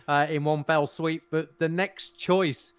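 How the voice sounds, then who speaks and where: A man co-hosting a podcast, telling crude stories in halting casual banter. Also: on the high side, steady tone, smooth, no echo. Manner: chatty, halting with fillers, crude humour. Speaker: podcast co-host.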